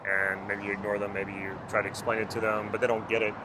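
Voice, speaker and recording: A man with a low-set voice speaks earnestly and reflectively, putting question after question to the viewer as a personal development coach. Traffic hums clearly behind him, since he is recording outdoors near a road. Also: completely flat delivery, fast. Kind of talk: reflective talk to camera.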